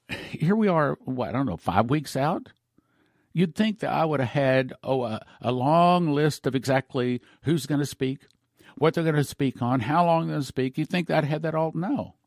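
Gravelly, earnest male radio preacher. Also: mid-range voice, expressive, unhurried, darkish tone, dry recording, studio quality. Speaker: pastor. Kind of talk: radio sermon message. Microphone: broadcast microphone.

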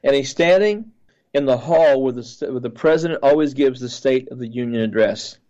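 A man, a pastor, earnestly recounting a dream in a halting way with many restarts. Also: medium pitch, a little mellow, dull audio.

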